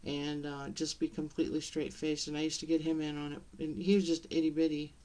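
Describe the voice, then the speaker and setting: A middle-aged woman talking to the camera in a personal vlog, halting and tearful, with many pauses and restarts. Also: sits low, little pitch movement, mellow. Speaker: vlogger.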